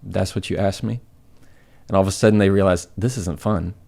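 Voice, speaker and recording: A man as a podcast guest, calmly explaining advice and acting out example dialogue. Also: low-pitched, a little fast, vocal fry. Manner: steady, acts out example dialogue. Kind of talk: conversational advice.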